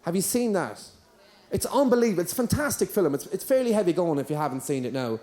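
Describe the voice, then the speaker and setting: A man doing a stand-up routine, telling a long story in a deadpan style. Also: high voice, quick pace. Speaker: stand-up comedian.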